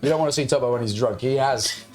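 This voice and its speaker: A young man telling a story loudly and excitedly as the host of a casual stream, swearing freely. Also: medium pitch, fast talker, faint music behind. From United Kingdom. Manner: loud, animated storyteller who swears freely. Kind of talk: casual chat.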